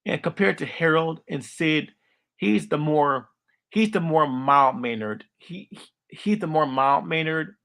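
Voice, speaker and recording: A young man giving casual cartoon commentary, halting and heavily repetitive as he talks. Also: fairly high pitch, gravelly, a bit bright. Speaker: video commentator.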